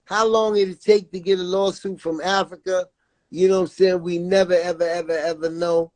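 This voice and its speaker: Earnest father speaking, slightly high voice. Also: little pitch movement, moderate pace, a little mellow, no echo. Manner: earnest, repeats himself, often says "you know what I'm saying". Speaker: guest, father of a jailed son. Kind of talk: emotional interview talk.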